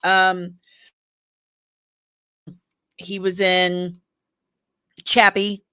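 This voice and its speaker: A woman hosts a casual entertainment news commentary, talking in a slow, unhurried way. Her voice sits low for a woman, and she rambles along with jokey asides. The sound is dry and close, with no room around it. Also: flat delivery, sharp tone, clean tone, no echo. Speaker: host.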